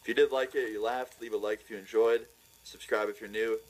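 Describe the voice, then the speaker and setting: A young man telling a funny story for a vlog, excitable and profane, laughing as he goes. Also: fairly low pitch, a little fast, poor audio. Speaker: vlogger.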